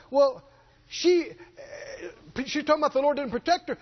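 A man's voice: very high voice, very animated, normal speed. A middle-aged man preaching a sermon, telling a story and rising to stress his key points. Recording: dull lo-fi sermon recording.

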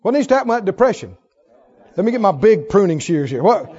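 A man preaching a sermon with emphasis, repeating key phrases and swinging between loud declarations and soft asides. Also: high-pitched, big pitch swings, a little fast, muffled recording.

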